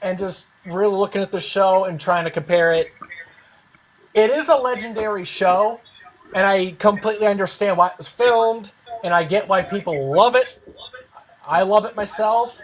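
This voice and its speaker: A man with a high voice hosts a relaxed panel discussion. He thinks out loud and softens his points with repeated fillers. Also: normal speed, slight background noise, low-quality recording. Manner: rambling, hedging with fillers. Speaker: host. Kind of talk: casual online panel chat.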